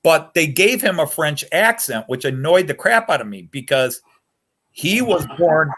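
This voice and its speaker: A man's voice: a little high, animated, a little slow, a bit bright. A man talking casually and at length on a hobby chat show, rambling and getting worked up over history.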